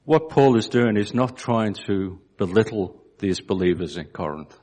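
A man's voice: on the low side, expressive, normal speed, a little mellow. A man preaching a sermon, asking his listeners rhetorical questions. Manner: asks the congregation rhetorical questions.

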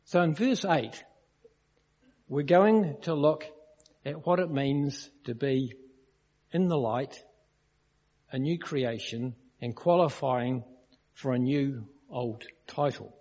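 Husky-voiced man preaching in a reverberant hall. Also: medium pitch, takes it slowly, long pauses, a little mellow. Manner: storytelling, questions the congregation. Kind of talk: sermon. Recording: dull lo-fi recording in a reverberant hall.

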